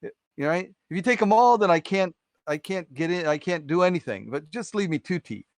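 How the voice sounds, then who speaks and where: Folktale mother mouse, scared and pleading, higher voice, dry close sound; a man voicing her. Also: lively intonation, fairly quick, no room sound. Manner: pleading, repeating herself.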